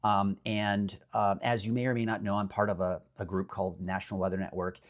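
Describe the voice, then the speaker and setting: A man's voice: on the low side, level tone, fairly quick. A man working as a meteorologist, giving a casual morning weather chat from a hotel room, rambling and chatty with fillers.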